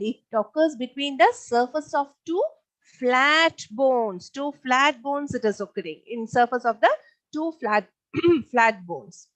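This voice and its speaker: Woman science teacher, fairly high voice, dry close sound; drills each point with quick check-in questions. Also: fairly bright tone, dry recording, poor audio. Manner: repeats points, asks pupils rhetorical questions. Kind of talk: live online class teaching.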